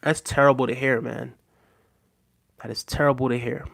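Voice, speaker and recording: A man of mid-range pitch talks to his livestream viewers. His talk is casual and rambling. He repeats phrases, fills gaps with "um" and keeps checking "right?". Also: steady tone, normal speed, vocal fry, a bit bright. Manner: repeats himself, asks "right?" often, many fillers. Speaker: livestream host reading viewer comments.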